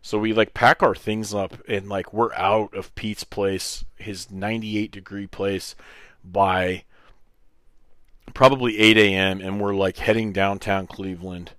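A man in his thirties hosting a podcast, telling a long personal story in a casual, animated way and acting out the other people's lines. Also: lowish voice, unhurried, no room sound, clean studio sound. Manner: animated storyteller who acts out quoted voices, swears freely. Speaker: podcast host.

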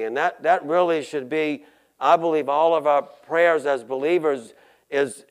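Male pastor, earnest sermon delivery with halting restarts; slightly higher pitch, smooth resonant tone. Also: fairly even intonation.

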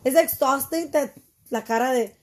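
A woman's voice: sits high, moderate pace. A middle-aged woman in casual conversation, switching freely between English and Spanish and talking with animation. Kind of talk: casual bilingual chat.

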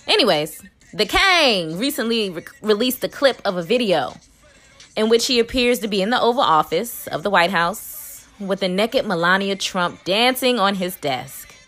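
A woman's voice: medium pitch, expressive, normal speed, a bit bright, soft background music. A woman hosting an opinionated commentary show, talking in a sassy, blunt and scolding way. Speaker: host.

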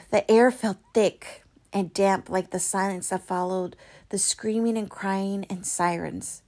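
Woman reading a book out loud, lotsa vocal fry, expressive, trips on words sometimes. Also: medium pitch. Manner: expressive, with small slips and restarts. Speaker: reader. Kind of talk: reading a novel aloud.

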